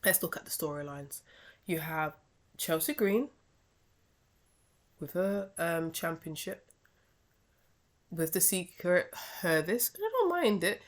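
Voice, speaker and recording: On her wrestling commentary channel, a woman from the UK launches into a heated, scolding rant, speaking casually. Her voice sits on the low side and is very animated, yet she takes it slowly with long pauses.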